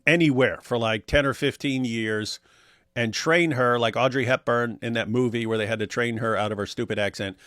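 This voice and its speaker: A man's voice: medium pitch, dry recording, studio quality. Joking man reading chat. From Australia. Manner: joking, animated, reads comments aloud in put-on voices. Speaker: co-host reading live chat. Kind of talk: casual livestream chat.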